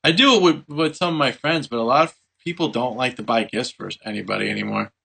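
A man's voice: mid-range voice, fast talker, gravelly, sharp tone, husky. A man hosting a casual chat, easygoing, with small restarts.

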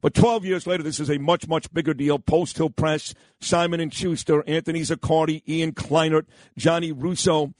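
A man's voice: a little high, steady tone, normal speed, a little mellow, no echo. A man hosting a morning radio show, brash, rambling and self-mocking as he runs through the lineup. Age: 50s. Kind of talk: morning talk radio banter. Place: radio studio. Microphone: close studio mic.

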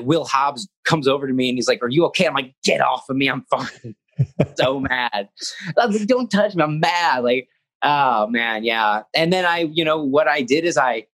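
In a casual interview, a young man who is a professional wrestler talks earnestly in a medium-pitched, a bit bright voice. He wanders in his telling, starting over at times and acting out what he said.

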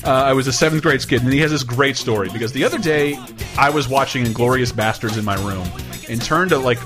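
A man in his twenties from Georgia tells stories in a casual, joking podcast chat. His voice sits at a middle pitch, and music plays clearly behind him throughout. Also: fast talker. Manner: joking, storytelling, laughs often.

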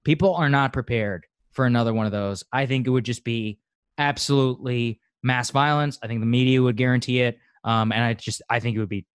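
Male pundit guest, mid pitch, dry recording, blunt and animated. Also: brisk, clean tone, no echo. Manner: emphatic, blunt, gets animated. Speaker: political commentator guest. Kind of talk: casual political discussion.

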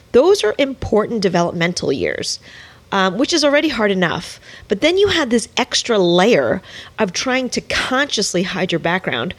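Woman interviewer with a lively, animated voice. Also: medium pitch. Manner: engaged, empathetic questioning. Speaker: host. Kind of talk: interview questions.

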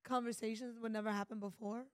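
A woman's voice: fairly high pitch, fairly even intonation, fast, clear, resonant tone, no echo, clean studio sound. A woman co-hosting a casual podcast chat, teasing and conversational. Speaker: podcast co-host.

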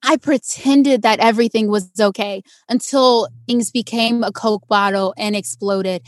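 A young adult woman, an actress and stuntwoman, telling her story in a casual interview and acting out quoted voices with big jumps in pitch. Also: no room sound, clean studio sound.

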